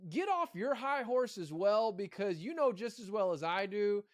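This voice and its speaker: A man with a high voice co-hosts a casual college sports podcast. He talks in bursts, often repeating a word before he gets going. The sound is dry and close. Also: moderate pace, no room sound. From Arkansas. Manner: animated, repeats words when thinking. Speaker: podcast co-host.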